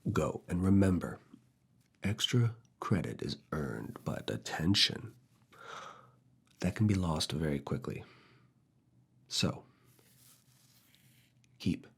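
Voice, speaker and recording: Deep gravelly teasing professor guy, a man putting him on, whispered role-play, slow and soft. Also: exaggerated voice. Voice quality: soft, hushed, often whispered. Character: strict, teasing male university professor. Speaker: ASMR roleplay creator.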